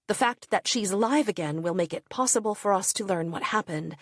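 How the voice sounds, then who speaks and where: A woman narrating a first-person diary in a measured, introspective audiobook reading. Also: breathy edge, no room sound, clean studio sound. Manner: measured, introspective reading with soft low asides.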